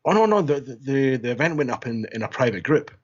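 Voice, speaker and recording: A man's voice: medium pitch, sing-song, quick pace, highs cut off. A man co-hosting a gaming podcast in casual chat, rambling, laughing and restarting his words. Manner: rambling, laughing, repeats words when starting. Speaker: podcast host.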